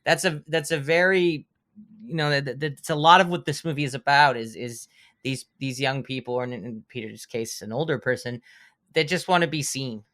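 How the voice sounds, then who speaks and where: A man's voice: medium pitch, normal speed, fairly bright tone. A man on a podcast as a guest, thoughtfully analyzing a film in casual chat and restarting his phrases. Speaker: podcast guest, horror filmmaker.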